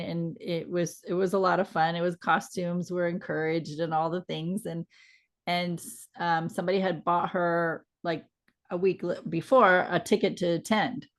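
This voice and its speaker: A woman with a lower voice co-hosts a casual talk show. She tells her stories in an easygoing, reflective way. Her tone stays gentle and reassuring. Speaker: podcast co-host. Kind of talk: casual conversational storytelling.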